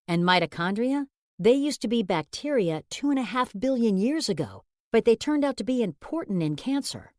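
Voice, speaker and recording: A woman's voice: medium pitch, a little mellow, no echo, clean studio sound. A woman reading a first-person essay aloud as narrator, telling it in a wry, conversational way. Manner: wry, conversational storytelling delivery.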